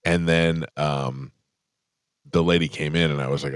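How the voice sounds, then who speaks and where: Radio host, man, very low voice, dry studio sound, loose storyteller. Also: fairly even intonation, moderate pace, no echo. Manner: laughs easily, tells stories. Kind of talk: casual comedic chat.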